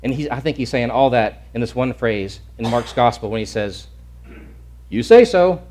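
A man's voice: mid-range voice, steady tone, a little fast, a little mellow. A male pastor preaching a sermon in an earnest, emphatic way, often restarting and repeating words.

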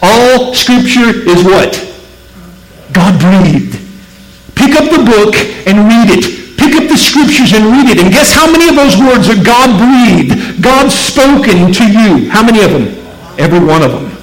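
A pastor from Missouri preaching a sermon to his church, emphatic, swinging between loud peaks and low, slow passages. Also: sing-song, echoey room, poor audio. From Missouri, USA. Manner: emphatic, rising to near-shouted peaks, then dropping low and slow.

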